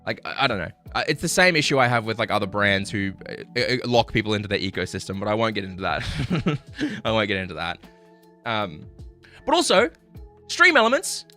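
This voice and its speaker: A man ranting on a live stream, frustrated and swearing, apologizing, swinging between loud outbursts and low muttering. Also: quick pace, soft background music.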